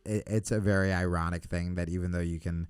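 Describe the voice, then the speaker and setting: Comedian guy on a podcast, low smooth voice, swears a lot, laughs while he talks, dry close sound. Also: fast, no room sound. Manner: animated storyteller who swears a lot; laughs through his stories. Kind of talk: casual chat. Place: podcast studio.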